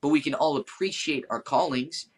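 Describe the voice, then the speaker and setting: A man's voice: a little high, normal speed. Affirming man on a faith podcast. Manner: affirming, warm-hearted, quotes scripture. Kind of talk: casual faith podcast talk.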